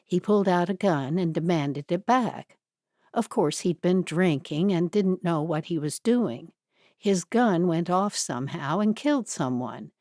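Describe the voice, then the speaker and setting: A woman voicing an elderly Amish woman who tells a story in a measured, matter-of-fact way. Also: on the low side, animated, warm tone, dry recording, studio quality. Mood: grim.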